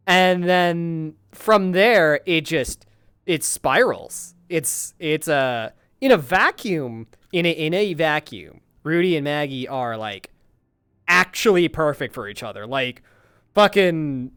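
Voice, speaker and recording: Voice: mid-range voice, animated, slow pace, a bit bright, clear, resonant tone, dry recording, clean studio sound. A streamer chatting casually to viewers out of character, rambling and exasperated, swearing heavily. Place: at home, recording in virtual reality.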